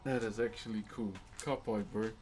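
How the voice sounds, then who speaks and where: A New Zealand-accented man live-streams his wood carving, chatting laid-back with viewers and calling everyone bro. His voice is lowish and steady at a normal speed, and the background is noisy, with music playing.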